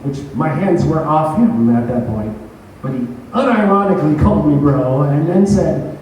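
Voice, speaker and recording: दूर से आती, गूंजती आवाज़ में गालियों भरा किस्सा सुनाता आदमी. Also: male voice, a little high, moderate pace, muffled recording, slight background noise. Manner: profane, self-mocking, animated retelling. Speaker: stand-up comedian telling a story. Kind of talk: casual storytelling chat. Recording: echoey room, voice from a distance.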